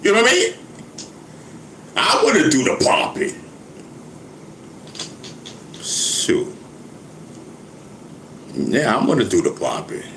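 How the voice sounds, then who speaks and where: A man's voice: medium pitch, huge pitch swings, takes it slowly, vocal fry, long pauses, fairly bright tone. A man talks in a loose, joking ramble, laughing often and checking in with his listener after nearly every sentence. His voice sits in an ordinary middle range for a man. The room rings with echo, and a faint background hum runs underneath. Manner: laid-back, laughing, keeps saying "you know what I mean". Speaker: rapper and vlogger. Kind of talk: casual rambling monologue.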